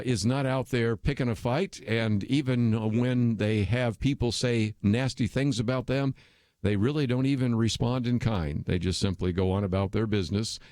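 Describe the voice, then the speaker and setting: A man's voice: fairly low pitch, darkish tone, no room sound, studio quality. A man hosting a radio talk show, giving opinionated commentary in a conversational way with frequent fillers. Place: radio studio.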